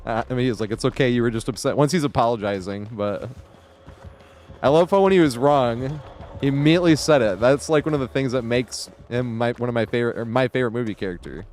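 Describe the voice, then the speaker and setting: A man's voice: mid-range voice, fast, darkish tone, a little hiss or hum. Rambling, cussing male game streamer. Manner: rambling, profane, chuckles often. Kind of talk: casual live-stream chat while gaming.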